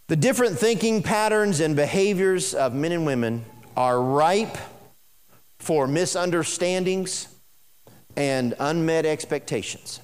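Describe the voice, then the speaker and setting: A man with a high, light voice preaches to his congregation, pressing each point home and circling back to it again and again. His words ring out with a long echo around a large hall. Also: clear, resonant tone. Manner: emphatic, repetitive, speaks straight to the congregation. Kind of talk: sermon on marriage.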